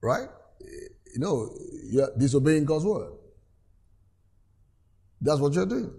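A man's voice: a little high, big pitch swings, takes it slowly, dark tone, slightly rough. A man preaching a sermon in a church, reading scripture aloud and calling on the congregation to answer him. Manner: preaches with call-and-response, reads scripture aloud. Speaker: pastor.

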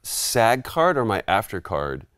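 A man telling a rambling, animated story in casual chat while playing a retro game in a studio. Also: on the low side, slow pace, clear, resonant tone, dry recording. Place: studio, sitting at a game console.

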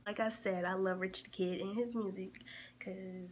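A woman in her early twenties from Maryland, chatting casually while reacting to a music video, her voice a bit rough from being sick, sometimes dropping to a near whisper. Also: mid-range voice, fairly even intonation, normal speed, slight background noise. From Maryland, USA. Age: early 20s.

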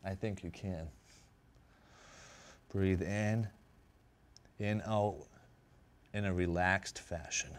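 A man's voice: sits low, steady tone, slow pace, pauses often. A man leading a workout as a fitness instructor, counting reps and urging the viewer on while breathing heavily. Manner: encouraging, coaching and counting reps. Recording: music behind the voice.

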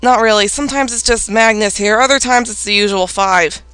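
A woman voicing a serious, deadpan young Nordic man in a game, keeping her delivery flat and lowering her own voice a little. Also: brisk, clear, resonant tone, dry recording, natural voice.

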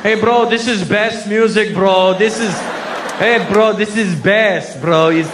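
A man's voice: high-pitched, steady tone. A man putting on a drawling bragging party bro. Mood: boastful. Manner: slow, drawling, repeats "bro". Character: swaggering young male party guy bragging about music. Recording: live stage mic with crowd noise.

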